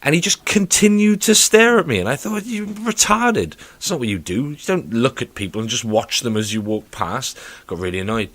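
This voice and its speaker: Lively man, bright animated chatter. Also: mid-range voice, a little fast, few pauses. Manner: animated, mocking storyteller with rising outbursts. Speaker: podcast co-host. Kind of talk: casual chat.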